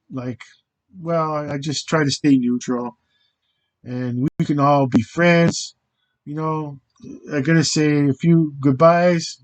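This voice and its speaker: High-voiced, slow-talking man rambling. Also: poor audio. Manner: hesitant, self-interrupting, fumbling foreign words. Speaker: channel host. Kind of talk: rambling casual monologue.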